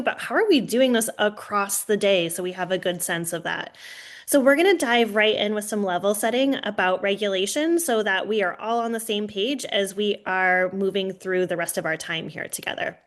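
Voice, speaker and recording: A woman presenting a webinar in a lively conversational way, talking straight to her listeners with frequent "right?" checks. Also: mid-range voice. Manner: lively, addresses listeners directly with "right?" and "y'all". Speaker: webinar presenter on early childhood regulation.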